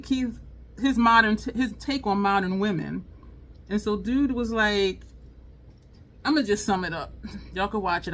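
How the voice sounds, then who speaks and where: A woman chatting casually while doing her makeup, telling a funny story with lots of laughter. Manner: chatty, laughing storyteller, lively swings in pitch. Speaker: beauty vlogger. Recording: faint background noise.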